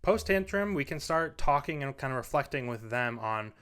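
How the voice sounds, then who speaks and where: A man's voice: mid-range voice, lively intonation, normal speed, fairly bright tone, clear, resonant tone. Earnest man rambling with "you know"s. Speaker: parenting video host. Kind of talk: casual advice talk. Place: standing in front of a mic. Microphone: studio microphone.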